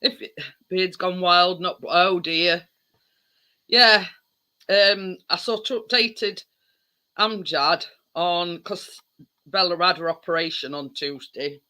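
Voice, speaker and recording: A woman's voice: lowish voice, slow, pushed and bright. A woman hosting a casual livestream, chatting with viewers in a rambling way with lots of fillers. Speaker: livestream host.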